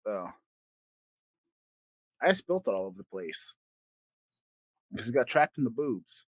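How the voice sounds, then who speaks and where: A man hosting a comedy podcast, ranting crudely and swinging between loud outbursts and quiet asides. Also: mid-range voice, sing-song, measured pace, no room sound. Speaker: podcast host. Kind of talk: comedic rant.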